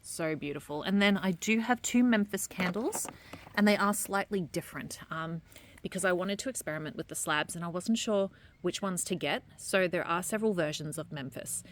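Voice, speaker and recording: Speaking at a normal pace in a lowish voice, a young adult woman from Australia chats about her candles and crystals for a product vlog. Her talk wanders and fades out gently, with a little hiss or hum in the background.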